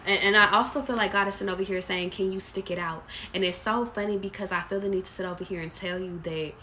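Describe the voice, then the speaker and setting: Woman tarot reader, mid-pitched, casual and blunt, swears freely, noisy background. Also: steady tone, fast, bright, forceful tone. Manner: casual, blunt and profane, streams intuitive messages. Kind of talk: live tarot reading.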